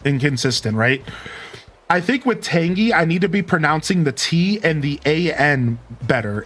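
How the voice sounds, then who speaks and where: A man's voice: on the high side, a bit bright. A man streaming a video game in casual chat, rambling and repeating a single word as he tests something. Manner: chatty, trails off, repeats a word over and over.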